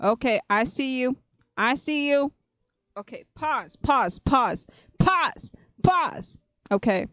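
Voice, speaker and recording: Playful high-voiced woman streamer. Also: takes it slowly, a bit bright, dry recording. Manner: playful, teasing, repeats words, laughs often. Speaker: VTuber streamer. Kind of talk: live-stream chat with viewers while drawing.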